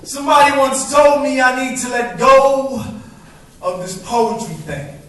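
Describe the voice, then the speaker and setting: A man's voice: very high voice, unhurried, a bit bright. A man performing spoken word poetry at a live open mic, with a rhythmic, emphatic delivery into a stage microphone. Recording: very echoey room from far off, faint noise.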